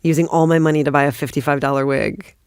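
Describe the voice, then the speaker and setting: A woman guest on a podcast, telling stories in a rapid, animated way and swearing freely. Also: low voice, clean tone, dry recording, clean studio sound. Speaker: guest, comedic actress. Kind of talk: casual podcast storytelling.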